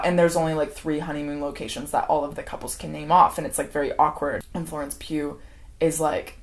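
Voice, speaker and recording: Young woman rambling thru a film recap, slightly low voice, says like a lot, laughs a bunch. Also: flat delivery, a little fast. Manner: chatty, heavy use of "like", acts out quoted characters, laughs often. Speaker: film commentary vlogger. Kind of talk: unscripted casual movie recap ramble.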